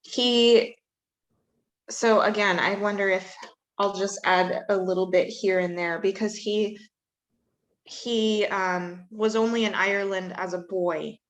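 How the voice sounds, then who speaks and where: A woman's voice: medium pitch, steady tone, slow pace, rough recording. A woman writer asking a question in a casual group chat on a video call, hesitant and full of fillers. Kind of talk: casual online group talk.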